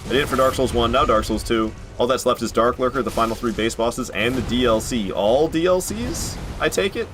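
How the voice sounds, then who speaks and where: A man's voice: medium pitch, animated, fairly quick, few pauses, fairly bright tone, soft background music. A man chatting casually with his viewers while he streams a video game from home, joking and laughing often. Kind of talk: casual live-stream commentary.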